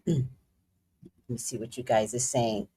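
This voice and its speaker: A woman's voice: a bass voice, fairly even intonation, a little slow, warm tone, slight background noise. A middle-aged woman hosting a casual livestream, playful and dramatic with slangy asides. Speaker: psychic livestream host.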